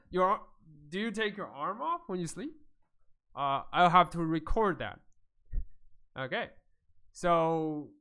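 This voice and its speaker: A man runs a tabletop game as game master, narrating loosely with plenty of fillers and quick laughs. His voice sits a little high and swings up and down a lot. He speaks at an unhurried pace. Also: lively intonation, pushed and bright, clean tone.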